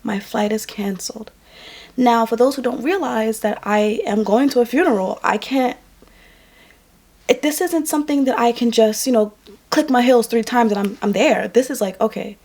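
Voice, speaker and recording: Woman vlogger, fairly high voice, worn out, tells a personal story to camera, leans on repetition for emphasis. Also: moderate pace, darkish tone, slightly rough. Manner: emphatic, repeats lines for effect. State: tired. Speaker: vlogger and makeup artist.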